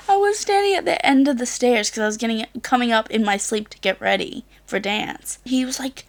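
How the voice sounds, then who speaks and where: A late-teen vlogger talks to camera in a fairly high, lively voice, brisk and with few pauses. She rambles through a story, leaning heavily on "like" and dropping the odd swear.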